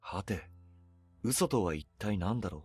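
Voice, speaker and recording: An actor playing a cold, logical shopkeeper in a game, speaking calmly and detachedly. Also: male voice, on the low side, brisk, breathy edge, no echo, soft background music. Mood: cool. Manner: calm, detached, reasoning.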